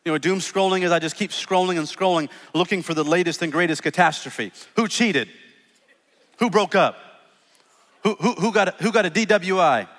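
A man preaching a sermon as pastor, earnest, repeating words and dropping soft when he reads scripture, in a church auditorium. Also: high voice, normal speed. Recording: long hall reverb.

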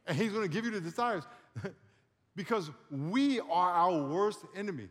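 A man's voice: high-pitched, normal speed. Man preaching in an echoing church hall. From San Diego area. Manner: lively, joking preacher who laughs and leads the crowd in call-and-response. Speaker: pastor. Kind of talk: sermon. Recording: long hall reverb.

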